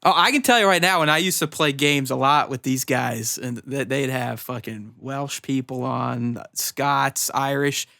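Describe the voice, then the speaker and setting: A man's voice: medium pitch, a little slow, gravelly, hardly any pauses, bright, forceful tone. A man hosting a casual gaming podcast; he swears freely and steers the group through a vote. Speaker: podcast host.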